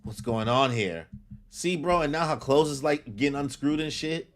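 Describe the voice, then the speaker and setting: A man's voice: on the high side, normal speed. A young man reacting live to a comic chapter, exclaiming and swearing casually with lots of slang. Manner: exclaiming, crude slang, says "bro" a lot. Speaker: manga reaction streamer. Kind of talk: live reaction commentary while reading.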